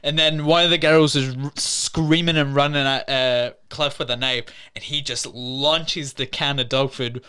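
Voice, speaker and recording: A man with a bright, crisp, clear voice chats casually as a podcast co-host. He retells a film's scenes with animated energy and drops into voices for the characters. The sound is clean and recorded in a studio. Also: medium pitch, unhurried, few pauses. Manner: animated retelling, acts out quotes in put-on voices. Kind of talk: casual film review chat.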